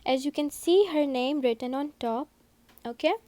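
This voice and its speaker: Casting: woman schoolteacher, recorded lesson, high voice, dry close sound, patient step-by-step explaining. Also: dark tone, no room sound. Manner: slow, repetitive, explaining step by step. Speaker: school English teacher. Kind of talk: recorded lesson for young pupils.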